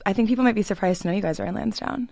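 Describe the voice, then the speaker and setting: A woman's voice: medium pitch, racing, creaky, darkish tone, dry recording. A woman hosting a casual interview, asking friendly, chatty questions with fillers. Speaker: interviewer host.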